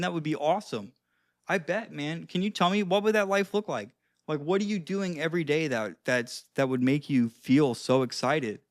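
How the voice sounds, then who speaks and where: A young man with a slightly high voice talks casually to his camera at home, recorded close and dry. He coaches on conversation, throwing in plenty of "like" and "dude" and acting out both sides of a chat. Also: a bit bright, no echo. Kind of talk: casual advice monologue to camera.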